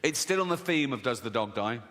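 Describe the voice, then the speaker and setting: Male comedian, bright forceful voice, live hall reverb, faint crowd noise. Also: medium pitch, expressive, a little fast. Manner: laughs at his own jokes, acts out voices. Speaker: stand-up comedian. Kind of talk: stand-up comedy set. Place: large live venue before an audience.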